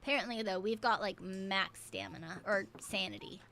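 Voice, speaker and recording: A woman's voice: mid-range voice, moderate pace, gravelly, sharp tone, a little hiss or hum. A woman streamer giving casual gameplay commentary, playful and swearing freely.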